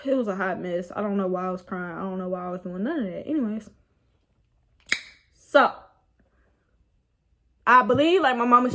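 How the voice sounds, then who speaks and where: A young woman, casually telling a rambling, animated story about her night out. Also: mid-range voice. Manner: animated, rambling, laughs at herself. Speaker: vlogger.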